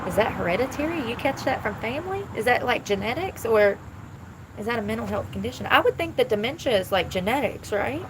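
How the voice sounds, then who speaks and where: A woman's voice: fairly high pitch, animated, brisk, noisy background. A woman chatting casually on a live stream outdoors, blunt and thinking aloud as she talks. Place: outdoors near traffic.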